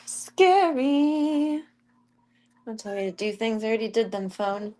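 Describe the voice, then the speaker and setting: A young woman chats to her viewers on a live stream while tending to her cats. She talks in a relaxed, easygoing way and now and then slips into high, cooing baby talk with the animals. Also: quick pace. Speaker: streamer caring for pet cats. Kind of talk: casual live-stream chat.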